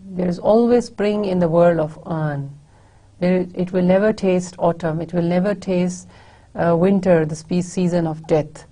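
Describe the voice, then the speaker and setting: A woman lecturing on a poem, reading lines aloud and explaining them slowly, often repeating and rephrasing herself. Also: fairly low pitch, steady tone, mellow. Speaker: university lecturer. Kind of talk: poetry lecture.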